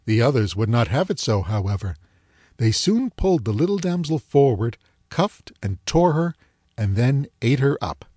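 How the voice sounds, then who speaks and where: Expressive man reading a fairy tale. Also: medium pitch, husky, dry recording, studio quality. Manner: expressive, measured storytelling. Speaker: audiobook reader.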